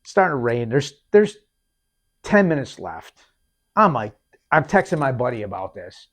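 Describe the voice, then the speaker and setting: A man hosting a podcast, telling a hunting story in a lively, casual way, acting out what people said and often restarting his sentences. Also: mid-range voice, normal speed. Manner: animated, acts out quotes, repeats and restarts. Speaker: podcast host.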